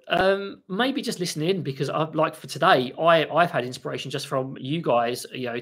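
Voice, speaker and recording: Hosting a relaxed live chat from a room with his parrots, a man with a fairly high, fairly bright voice fields viewers' questions. He chats freely, restarts a lot, and speaks to the birds in between answers.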